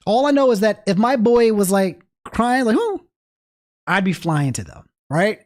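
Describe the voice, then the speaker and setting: At a normal speed and in a high-pitched voice, a man gives casual commentary on his livestream, talking to chat. He wanders from point to point, restarts often, and tosses off animated remarks to viewers.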